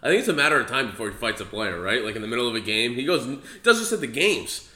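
A man's voice: medium pitch, sing-song, fast, bright, forceful tone. A young man co-hosting a casual sports podcast, joking and rambling with swearing. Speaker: podcast co-host. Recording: echoey room.

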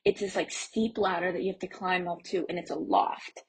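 Chatty young woman with a very breathy voice. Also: lowish voice, fairly even intonation, moderate pace, low-quality recording. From Pennsylvania, US. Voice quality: very breathy, airy voice. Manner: chatty, lots of "like" and laughs. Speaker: travel vlogger. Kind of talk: casual travel storytelling.

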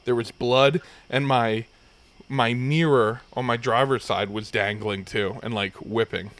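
A young man in a laid-back podcast chat, spinning a rambling anecdote and swearing freely as he goes. His voice sits in an ordinary middle pitch and the delivery stays loose and conversational. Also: steady tone, unhurried, fairly bright tone. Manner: rambling, profane anecdote telling. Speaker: podcast host. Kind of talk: casual storytelling chat.

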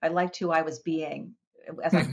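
A woman, a wellness coach, telling a personal story in a podcast interview with lively expression and small restarts. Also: low voice, normal speed, creaky, dull audio.

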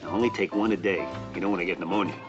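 An actor playing a sly wartime army doctor, speaking smoothly and conspiratorially in a 1970s TV sitcom scene. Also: male voice, deep voice, very fast, natural voice. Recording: dull old TV clip under music.

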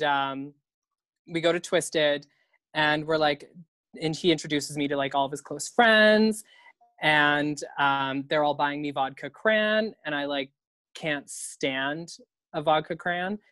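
A man's voice: fairly high pitch, slow, pushed and bright, no echo. A young man spins a story in casual chat, talking loosely, swearing and laughing as he goes. The recording is dry and close, with no room sound. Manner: chatty, swears freely, laughs often.

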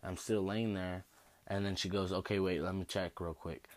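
A young man with a low-pitched voice rambles through personal stories, swearing casually and laughing along the way. The sound is dry and close, with no room echo. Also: level tone, moderate pace, a little mellow. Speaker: host. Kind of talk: casual storytelling.

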